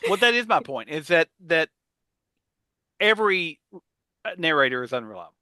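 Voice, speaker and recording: A man's voice: on the high side, very animated, moderate pace, sharp tone, no echo. A man co-hosting a podcast, talking in a nerdy, self-mocking way and stammering when he restarts. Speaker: podcast co-host. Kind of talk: casual chat.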